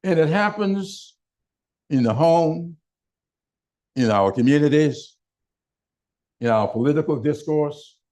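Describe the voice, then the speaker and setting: Older man, slow measured speech, fairly high voice, town hall address. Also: lively intonation, darkish tone. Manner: slow, deliberate oratory with emphatic pauses. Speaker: political speaker.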